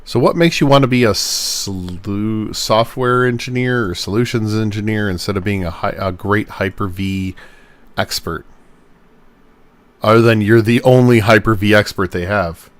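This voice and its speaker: A young man with a lowish voice talks casually on a livestream as he edits his podcast. He rambles and mocks himself, with the odd swear word. The sound is dry and close, with no room echo. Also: unhurried. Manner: self-mocking, rambling, profane. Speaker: podcast host editing his episode.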